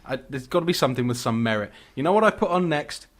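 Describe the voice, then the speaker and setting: A man co-hosting a casual podcast, chatting eagerly and often breaking into laughter. His voice sits in an ordinary middle pitch, and he rambles on with frequent restarts. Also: animated, fast. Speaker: podcast co-host. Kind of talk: casual horror film chat.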